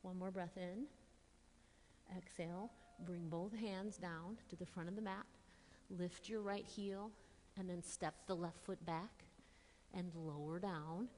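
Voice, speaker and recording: A woman teaching a yoga class, giving calm, encouraging step-by-step cues while slightly out of breath. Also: lowish voice, takes it slowly, long reverb tail, slight background noise. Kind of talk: guided yoga class instruction.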